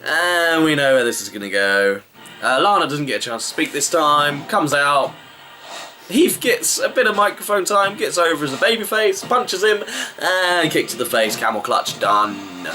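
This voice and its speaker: A man's voice: fairly high pitch, lively intonation, normal speed, sharp tone, faint music behind, low-quality recording. A man giving a chatty, wry running review of a wrestling show, rambling with fillers. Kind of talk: casual vlog review.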